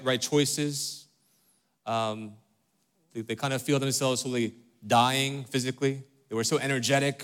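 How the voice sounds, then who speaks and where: A man's voice: mid-range voice, fairly bright tone, clear, resonant tone. A middle-aged man preaching a sermon as pastor, conversational and earnest, often checking in with "right?" and "okay?". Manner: conversational, many fillers and tag questions like "right?" and "okay?"; direct and earnest with the congregation.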